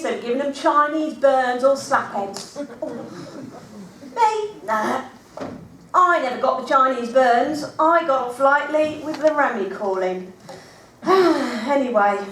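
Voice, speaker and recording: Actress as awkward woman, high and bouncy, rambling comic monologue, distant mic in an echoey hall. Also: a little hiss or hum. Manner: chatty, rambling, self-deprecating. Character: awkward adult woman, self-mocking and scatterbrained.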